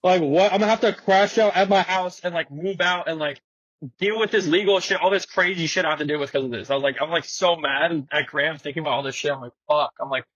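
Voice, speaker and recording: A man's voice: fairly high pitch, quick pace, no room sound, lo-fi sound. A young man from Florida, an interview guest telling a story casually, full of slang and fillers. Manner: slangy, animated, swearing, many fillers.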